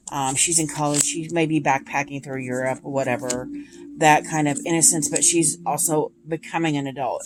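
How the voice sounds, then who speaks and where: A woman in her thirties chatting casually and gushing about her tarot decks, with many ums. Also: low voice. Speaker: tarot deck reviewer. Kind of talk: casual chat. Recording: noisy home recording.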